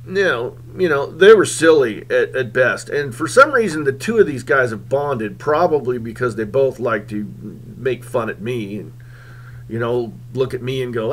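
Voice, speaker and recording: A male radio host telling a comic story in a rambling, animated way, with lots of fillers. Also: mid-range voice, moderate pace, slight background noise.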